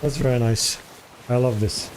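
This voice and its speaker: A man's voice: medium pitch, moderate pace, a little mellow, a little hiss or hum. A man streaming live in casual chat, curious and talkative, repeating foreign words aloud to practice them.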